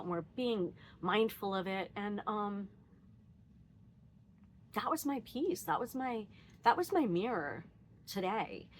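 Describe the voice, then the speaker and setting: Woman vlogger, mid-pitched, candid and reflective, lots of self-quoting asides. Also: a little hiss or hum. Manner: candid and animated, laughs often, quotes herself; frequent fillers and restarts, thinking aloud. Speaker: vlogger sharing personal reflections. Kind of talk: casual reflective monologue.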